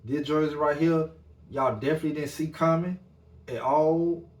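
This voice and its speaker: A man's voice: fairly high pitch, normal speed, darkish tone. A man hosting a podcast, talking in a loose, laid-back monologue and tagging nearly every line with "man". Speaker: podcast host. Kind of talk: casual monologue. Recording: echoey room.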